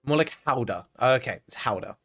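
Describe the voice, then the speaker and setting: A man's voice: medium pitch, lively intonation, a little fast, a bit bright, faint music behind. An Australian man chatting casually on a live stream, laughing often and answering his chat.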